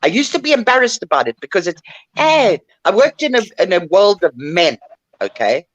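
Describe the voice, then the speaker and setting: An older woman who talks with blunt, emotional force and a lively pitch that swings up and down. Her voice comes through a dull, lo-fi line in a dry, close sound. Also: normal speed, no echo. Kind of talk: casual chat.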